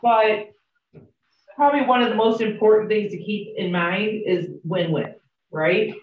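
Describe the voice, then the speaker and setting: In a training room full of real estate agents, a woman with a mid-range voice teaches a little slowly and with fairly even intonation. She's chatty and open, telling stories and asking the group questions, and the recording is distant, roomy and dull.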